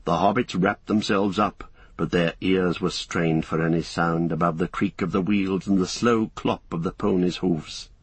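Low husky male audiobook narrator. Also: no room sound. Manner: measured, even storytelling.

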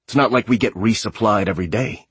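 An audiobook narrator voicing a precise female android in a man's body, speaking in a clipped, exact way with a deep, husky voice. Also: fast talker, a bit bright, dry recording. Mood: annoyed.

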